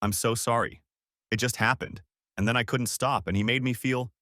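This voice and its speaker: A man's voice: mid-range voice, steady tone, moderate pace, fairly bright tone, no room sound, studio quality, natural voice. A man voicing a desperate, unfaithful wife who pleads and then turns cold, in a story reading. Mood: pleading.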